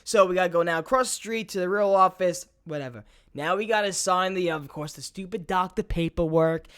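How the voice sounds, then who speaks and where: A man's voice: sits high, fairly quick, a bit bright, smooth. A young man from Brooklyn telling a long story on his podcast in a casual, rambling way. He swears often and restarts his sentences. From Brooklyn, New York. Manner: rambling, profane, frequent restarts. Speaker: podcast host.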